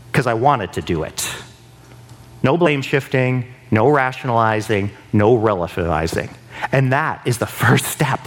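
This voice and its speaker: Male preacher, fairly high voice with big swings in pitch; conversational sermon that jumps into pleading voiced prayers. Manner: animated, acts out prayers in a raised pleading voice; conversational, keeps asking "right?".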